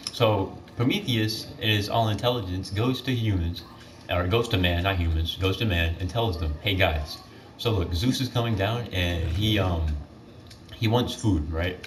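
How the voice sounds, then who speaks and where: A man's voice: sits low, moderate pace. Rambling teenage boy, distant mic. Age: teens. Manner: rambling, filler-heavy storytelling with self-corrections. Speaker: gamer retelling myths. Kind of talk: casual gaming commentary. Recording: distant mic with clear background noise.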